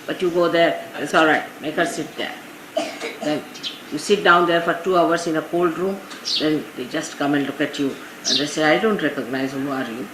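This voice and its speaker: A woman's voice: sits low, steady tone, moderate pace. A woman from India with an Indian English accent gives an informal spiritual talk to her followers, telling anecdotes and dropping in frequent "you see" asides. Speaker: spiritual teacher. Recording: echoey 1980s archive recording with faint hiss.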